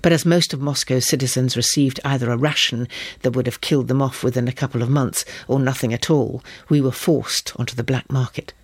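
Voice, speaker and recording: A man reading a novel aloud in measured, vivid storytelling narration. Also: medium pitch, steady tone, breathy edge, no echo. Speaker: audiobook narrator. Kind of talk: scripted narration.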